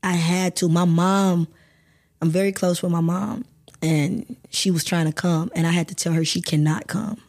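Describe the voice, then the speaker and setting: Candid woman, warm low-key tone. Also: steady tone, moderate pace. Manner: emotional, candid storytelling with swearing. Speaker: guest actor. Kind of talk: candid podcast interview.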